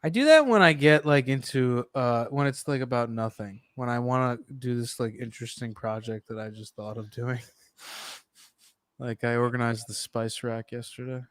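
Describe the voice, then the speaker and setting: A man's voice: medium pitch, moderate pace, no room sound. Self-deprecating guy joking around on a podcast, mid voice, dry sound. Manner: self-deprecating, jokey, drifts quieter at line ends. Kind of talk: casual chat.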